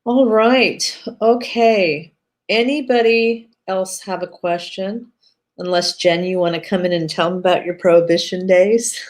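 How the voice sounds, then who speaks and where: A woman's voice: medium pitch, steady tone, unhurried. A woman hosting a casual live video chat as a hypnotherapist, talking in a rambling, chatty way with many restarts. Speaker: host and hypnotherapist.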